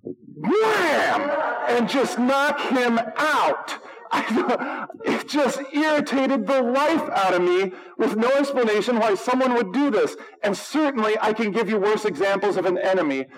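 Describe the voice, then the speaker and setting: A man preaching a sermon in a light, high voice, talking to his congregation in a loose, conversational way. He slips into sarcasm and acts out the voices he quotes. The sound comes across like a radio broadcast. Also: moderate pace, few pauses, rough recording. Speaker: pastor.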